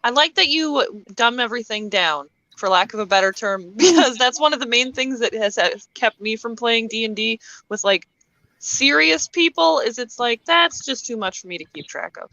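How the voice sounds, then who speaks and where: A woman's voice: on the high side, animated, moderate pace, bright, forceful tone, no room sound, low-quality recording. A woman in a casual podcast chat, talking chattily with laughing asides.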